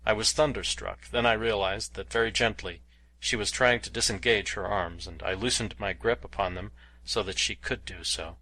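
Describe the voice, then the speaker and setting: A man narrating an adventure novel with a fairly low voice and a bright, forceful tone. His delivery is steady and measured, reading the story in first person. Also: rough recording. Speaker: audiobook narrator.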